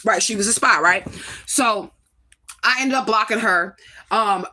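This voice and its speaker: A woman's voice: mid-range voice, measured pace, sharp tone, slight background noise. A woman from St. Louis talking casually to her camera, profane and emphatic, often asking rhetorical questions. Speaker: vlogger.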